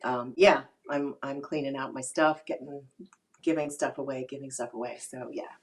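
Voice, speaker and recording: A woman guest chatting on a video call, hoarse from losing her voice, relaxed and rambling. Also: extremely low pitch, moderate pace. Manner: relaxed, rambling, laughs easily. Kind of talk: casual interview chat.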